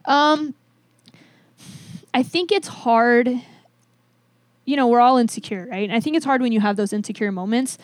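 A young adult woman, a weightlifting coach, telling stories in a candid, animated way with some swearing in a casual podcast chat. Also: a little high, moderate pace, pauses often, no echo, studio quality. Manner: candid, animated storyteller who swears freely.

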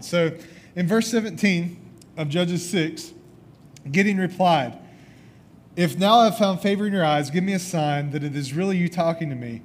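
A man preaching a sermon retells a scripture story in a lively way, voicing the characters' lines himself. His voice sits high and he speaks at a normal speed.

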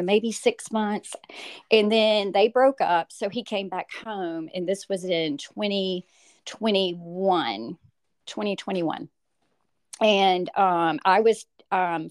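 A middle-aged mother, a guest, recounting a hard personal story, halting with fillers and acting out what people said. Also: on the low side. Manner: animated, acts out quoted voices, halting with fillers.

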